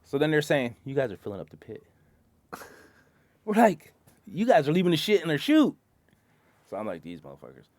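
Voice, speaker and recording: A man's voice: fairly high pitch, very animated, moderate pace, long pauses, a little mellow, dry recording. A man in casual bar talk, telling profane stories about his job as a concrete truck driver and acting out his coworkers.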